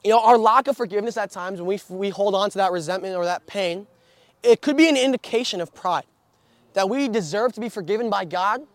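Young man, high voice, dry close sound, sermon with rambling stories. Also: brisk, no echo. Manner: storytelling with frequent restarts and filler. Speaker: preacher.

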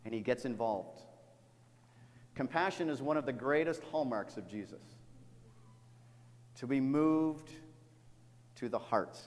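A man's voice: medium pitch, lively intonation, measured pace, long pauses. A middle-aged man preaching a sermon as a pastor, speaking earnestly and often repeating words as he tells a story. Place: church sanctuary. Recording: long reverb of a large hall.

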